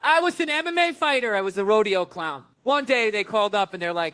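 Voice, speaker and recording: A man performing a stand-up comedy routine on stage, telling a story with animated energy and acting out the voices of the people in it. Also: high-pitched, a little fast, hardly any pauses, smooth.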